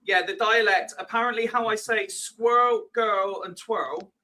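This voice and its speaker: A man's voice: sits high, fairly even intonation, measured pace, pushed and bright, low-quality recording. A man with a West Country accent hosting a casual live-streamed podcast, chatty and swearing freely, tripping over repeated words. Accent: West Country English. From Swindon, England. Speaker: podcast host.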